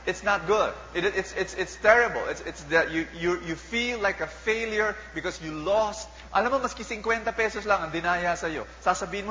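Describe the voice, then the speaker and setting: Bright-voiced Filipino preacher in a reverberant hall. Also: male voice, high voice, a little fast, hardly any pauses. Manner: animated, mixing languages, repeats and rhetorical questions to the crowd. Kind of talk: sermon. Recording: dull lo-fi sound with long hall reverb and faint hum.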